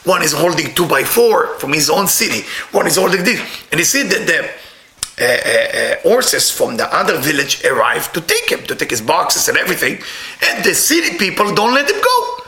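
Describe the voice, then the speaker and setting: Animated, high-pitched, bright-voiced man preaching. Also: moderate pace. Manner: animated storyteller, chuckling, non-native English phrasing. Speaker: rabbi giving a talk. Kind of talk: sermon with storytelling.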